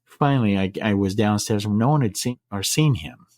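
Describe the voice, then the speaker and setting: A middle-aged man with a deep, low voice tells a personal story on a podcast. He speaks earnestly and haltingly, often stopping to restart a phrase. The recording is dry and close, with no room sound. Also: darkish tone, no room sound. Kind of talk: casual storytelling.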